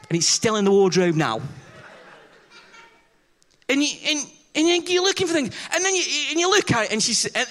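A man delivers a chatty sermon to a church congregation, joking at his own expense. His voice sits high and swings widely as he acts out little scenes and quizzes the crowd. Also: big pitch swings, a little fast, a bit bright. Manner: chatty, self-deprecating, acts out dialogue with the congregation. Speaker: preacher. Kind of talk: conversational sermon with humorous stories.

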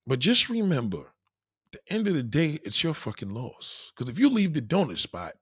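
A man hosting a casual livestream, riffing loudly and acting out quoted voices, reading chat names aloud. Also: fairly high pitch, normal speed, slightly rough, no room sound, clean studio sound. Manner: loud, animated riffing, acts out quoted voices. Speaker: livestream host.

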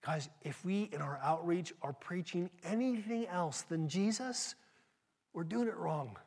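A man preaching a sermon, speaking emphatically and directly to his congregation, swinging between loud emphasis and hushed asides. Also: high-pitched, animated, unhurried, breathy edge.

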